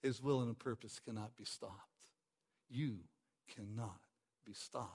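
A man preaching a sermon with passion, repeating phrases for emphasis and swinging between loud exclamations and quiet stress. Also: mid-range voice, steady tone, measured pace, slightly rough. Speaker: pastor.

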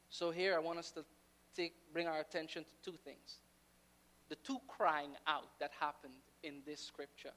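A woman preaching a sermon, telling the story dramatically and swinging between hushed and loud delivery. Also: sits low, fairly even intonation, moderate pace.

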